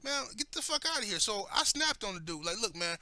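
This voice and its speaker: A man's voice: high voice, sing-song, a little fast, bright, forceful tone, no echo. Heated, profane man ranting. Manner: heated, profane, storytelling with quoted voices. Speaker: commentary host. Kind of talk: profane opinion rant.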